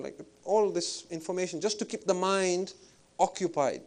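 A man's voice: high voice, a little mellow. Reflective man giving a spiritual talk. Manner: measured, reflective, with hesitant fillers. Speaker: Islamic preacher. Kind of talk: spiritual lecture.

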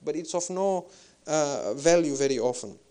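Male preacher, slightly high voice, measured and reflective delivery with fillers. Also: expressive, warm tone, clean tone. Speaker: Islamic preacher. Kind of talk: spiritual lecture.

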